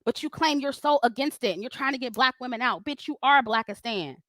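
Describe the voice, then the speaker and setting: A woman's voice: high-pitched, a little fast, fairly bright tone, no echo, clean studio sound. A woman hosting a livestream, ranting at critics in a confrontational, profane way, laughing often as she reads super chats.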